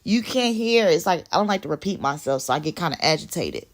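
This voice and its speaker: A woman's voice: lowish voice, lively intonation, fast. A woman talking live to viewers on her phone, emphatic and repeating her phrases as she answers the chat. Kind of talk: casual live stream talk.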